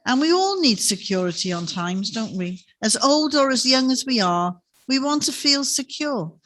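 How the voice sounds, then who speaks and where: A woman's voice: high voice, sing-song, moderate pace, fairly bright tone. Woman preaching in a chapel. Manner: conversational storytelling with tag questions. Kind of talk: sermon.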